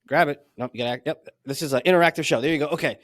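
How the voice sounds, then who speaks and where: A man's voice: a little high, very fast, a bit bright, dry recording. Hyped-up male podcast host, dry mic. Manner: hyped, swearing, playful banter. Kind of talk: energetic podcast interview.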